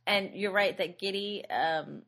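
A woman co-hosting a podcast, casually recapping a movie with lively laughter. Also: medium pitch, a little slow. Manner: animated, laughs often while recapping. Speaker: podcast co-host. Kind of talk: casual chat about a movie.

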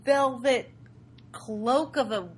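A woman's voice: high voice, slow, slight background noise. A woman co-hosting a podcast, chatting casually about a movie, rambling and gushing and repeating her words. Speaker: podcast co-host. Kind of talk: casual chat reviewing a movie.

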